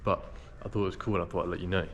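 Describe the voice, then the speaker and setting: A man's voice: low voice, fairly even intonation, rapid-fire, muffled recording. A young man rambling chattily and mocking himself as he vlogs his travels around a town and from behind the wheel. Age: young adult. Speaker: travel vlogger. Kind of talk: casual travel vlog. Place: outdoors around a town and driving a car. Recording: noisy outdoor camera audio. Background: street ambience and vehicle noise.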